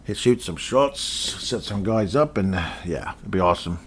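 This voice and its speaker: A man's voice: lowish voice, lively intonation, moderate pace, a little hiss or hum. An American man putting on a put-on Australian accent to play a laid-back basketball player, drawling and ending lines with "mate". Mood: mocking.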